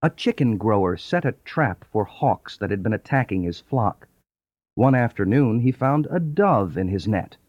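A man narrating fables in a scripted, expressive storybook reading. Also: lowish voice, normal speed, no room sound. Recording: dull lo-fi audio.

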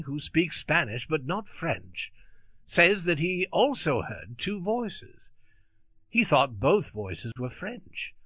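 Male audiobook narrator, animated delivery, dry and slightly dull lo-fi sound. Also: on the high side, no echo. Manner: measured, expressive storytelling.

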